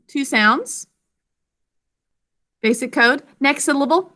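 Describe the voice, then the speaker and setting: Sounding out words slowly and distinctly, syllable by syllable, a woman gives a reading lesson online over a video call. She has a high voice with lively intonation and a sharp tone.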